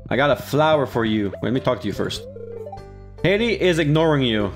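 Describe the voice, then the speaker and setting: A man's voice: medium pitch, animated, fairly quick, over music. Playful man narrating his own gameplay. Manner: playful, talks to himself, jumps into silly voices. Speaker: let's play gamer. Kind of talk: casual gameplay commentary.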